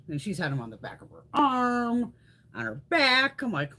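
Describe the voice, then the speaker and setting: Middle-aged woman, lively swinging pitch, casual livestream chat, swears a lot. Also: normal speed. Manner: animated, swears freely, chats with live viewers. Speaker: beauty livestream host.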